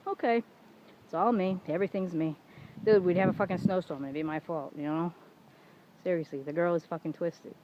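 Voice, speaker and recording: On a dull lo-fi home recording with faint room noise, a middle-aged female vlogger rants openly to camera, full of curses and "you know"s, dramatizing the disputes she quotes. Her voice is on the low side, a little fast and a little mellow.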